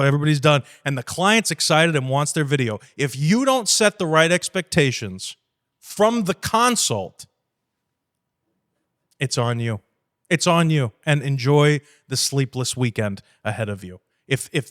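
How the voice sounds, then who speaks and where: A man hosting a podcast, speaking bluntly and profanely, lively, acting out conversations with clients. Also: fairly high pitch. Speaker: podcast host. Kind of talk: casual podcast talk.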